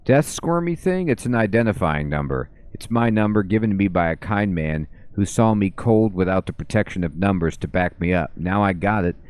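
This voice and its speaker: A man's voice: low voice, animated, moderate pace, few pauses, a little mellow, clear, resonant tone. A man reading lines for an eerie older woman in a game, in a sing-song, cooing voice. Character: eerie older woman with a tattoo, hoarding secret names.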